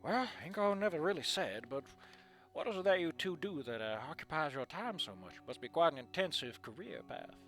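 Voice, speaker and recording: A man's voice: a little high, sing-song, a little fast, a bit bright, soft background music. A man reading a polite, curious dad. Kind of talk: reading a story aloud with voices.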